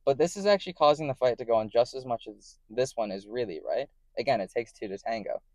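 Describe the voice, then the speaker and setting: A man talks straight to camera in a loose vlog monologue. His voice sits in a middle pitch, recorded dry and close. He rambles, restarts his phrasing and keeps checking that the listener is following. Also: animated, fast talker, darkish tone, dry recording. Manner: rambling and self-correcting, often checking in with "right?". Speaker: vlogger. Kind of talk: casual explanatory monologue.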